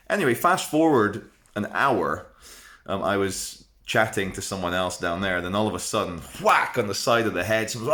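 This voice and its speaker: Low-voiced man rambling frankly. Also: lively intonation, normal speed, sharp tone. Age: 30s. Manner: chatty, rambling, frank, with many fillers and restarts. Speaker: vlogger. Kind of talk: casual storytelling to camera.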